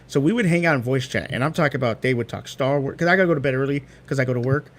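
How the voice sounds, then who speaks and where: A man in a casual video call chat, telling a story with lively acted-out quotes. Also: medium pitch, rapid-fire. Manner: animated storyteller, acts out quotes.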